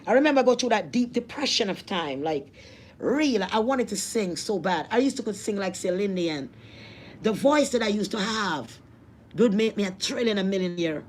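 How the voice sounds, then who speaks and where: A woman's voice: medium pitch, fairly quick, a little mellow. Jamaican woman telling her life story. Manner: emotional, repetitive storytelling with religious appeals. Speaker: vlogger. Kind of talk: personal testimony.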